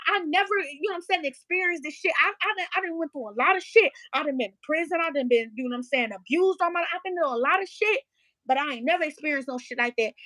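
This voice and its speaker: A woman's voice: very high-pitched, bright, forceful tone, no room sound, low-quality recording. A young woman tells an emotional, profane story in her own vlog, blunt and raw. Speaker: vlogger.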